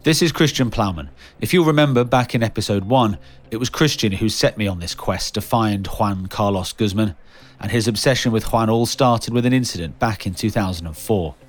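A man hosting and narrating a podcast in a measured, scene-setting way. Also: on the low side. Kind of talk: scripted narration.

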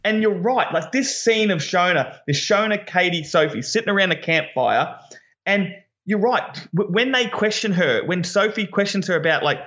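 A man co-hosting a casual recap chat, his voice bright and forceful and pitched a little high. He talks in an animated way and stumbles over repeated words when he gets excited. The sound is dull and lo-fi. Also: normal speed. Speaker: podcast co-host.

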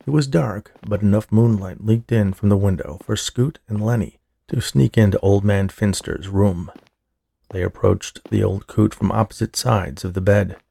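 A male narrator reads a horror tale in measured, deliberate scripted narration. His low voice is heavily gravelly and somewhat husky. It is recorded dry and close, with no room sound. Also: dark tone, no room sound.

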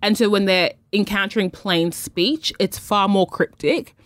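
A woman's voice: medium pitch, unhurried, no room sound. A woman co-hosting a podcast in casual chat. She thinks aloud in long, reflective runs and acts out the lines she quotes. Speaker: podcast co-host.

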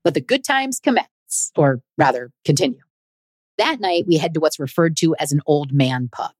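A woman, a comedian hosting her podcast, narrating a travel story in a wry, expressive way. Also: low voice, moderate pace, no echo. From United States.

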